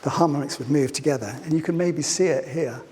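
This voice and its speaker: A man's voice: fairly high pitch, fast, loud music behind the voice. A man giving a public lecture, playful and fond of asking his audience questions. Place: lecture hall. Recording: lecture hall reverb, faint ambience.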